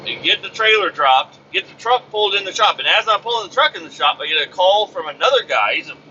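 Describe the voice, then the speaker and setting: A truck-driving podcast host rants about his day, swearing constantly and sounding fed up. His voice sits fairly high and comes across very bright and sharp. The recording is muffled, with faint vehicle noise underneath. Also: lively intonation, fast talker. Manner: profane, exasperated storytelling. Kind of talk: casual rant, recounting his workday.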